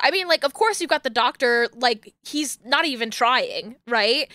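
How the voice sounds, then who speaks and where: A young woman streamer in casual chat, ranting excitedly and laughing, with bursts of shouting. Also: high voice, measured pace, dry recording.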